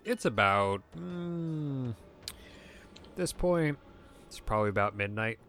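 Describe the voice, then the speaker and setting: A man narrating a tabletop role-playing game as game master in a relaxed, laid-back way. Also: mid-range voice, slow, a little hiss or hum.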